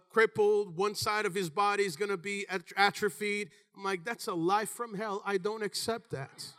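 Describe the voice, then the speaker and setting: A high-voiced man in his thirties preaching with real energy, his tone bright and forceful. He talks to the congregation in quick bursts and sometimes pushes into a shout. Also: clean tone. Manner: animated, shouts in bursts, calls out "Amen?" to the congregation. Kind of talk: sermon.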